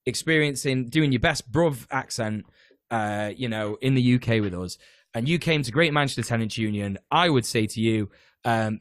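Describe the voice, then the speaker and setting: A British tenants union organizer, appearing as a podcast guest, chats casually about politics in an easygoing, rambling way, full of fillers, restarts and the occasional swear. His pitch is ordinary and his pace moderate. The recording is dry, with no room sound or echo.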